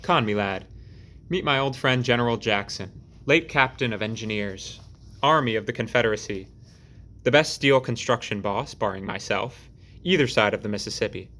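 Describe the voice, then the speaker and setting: A man voicing a boisterous middle-aged construction boss who talks loudly and heartily, in an audiobook reading. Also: lowish voice, moderate pace, close to an everyday voice. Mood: jovial. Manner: loud, roaring and jovial.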